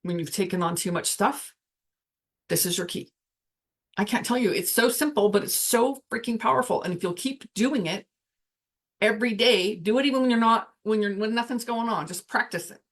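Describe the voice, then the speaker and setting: A woman's voice: on the high side, brisk. Reflective woman coaching on breath. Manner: reflective, guides breathing, trails off mid-sentence. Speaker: spiritual coach. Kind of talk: casual livestream teaching.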